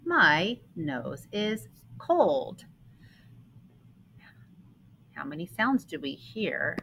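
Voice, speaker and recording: Woman teacher, bright, forceful tone, very slow deliberate phonics delivery for kids; faint room hiss. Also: low-pitched, wildly swooping pitch, gravelly, rough recording. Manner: slow, sing-song teacher voice, sounding out syllables. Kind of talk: phonics lesson for children.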